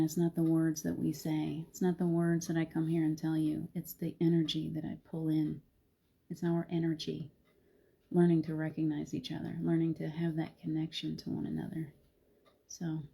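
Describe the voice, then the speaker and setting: Middle-aged female host, soft and reflective, husky, warm low tone. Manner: gentle, reflective, soft-spoken with frequent laughs. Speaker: host of a live spiritual talk show. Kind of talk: casual live-stream chat.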